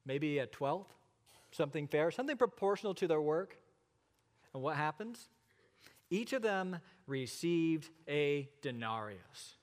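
Male pastor, middle-aged, sermon delivery with rhetorical questions, lively rising and falling pitch, long hall reverb. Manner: expository preaching with rhetorical questions and dramatic pauses.

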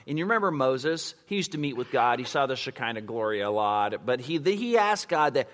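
A man's voice: a little high, normal speed, hardly any pauses. A man preaching a sermon and answering questions, talking casually with lots of fillers and acting out the quotes. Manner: conversational, animated, many fillers, acts out quotes. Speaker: pastor. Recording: long hall reverb.

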